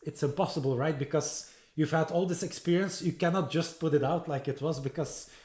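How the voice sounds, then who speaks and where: A man hosting an interview over a video call, speaking haltingly with many fillers and restarts. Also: a little high, a little mellow. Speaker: host, interviewer. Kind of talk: casual interview chat. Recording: echoey room.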